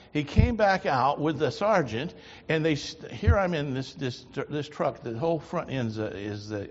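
A man preaching a sermon, telling a personal story in a folksy, animated way. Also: on the high side, slightly rough. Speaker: preacher giving testimony. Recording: lo-fi reverberant hall.

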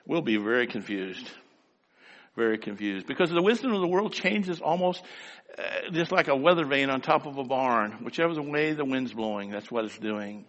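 Animated preacher in a reverberant church. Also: male voice, medium pitch. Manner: dramatic, swings between slow emphatic and quick storytelling. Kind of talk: sermon with personal stories. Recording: reverberant hall.

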